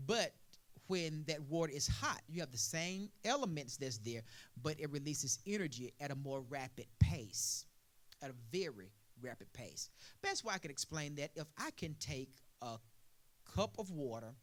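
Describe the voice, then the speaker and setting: With a fairly high voice, this male preacher delivers a call-and-response sermon, repeatedly asking "what?" and replying himself. The delivery grows from soft explanation into loud preaching.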